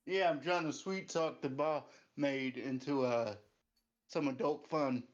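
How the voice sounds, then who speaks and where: A man playing a tabletop game, chatting casually in a relaxed way and laughing easily. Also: mid-range voice, slow pace. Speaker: player. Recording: dull lo-fi mic.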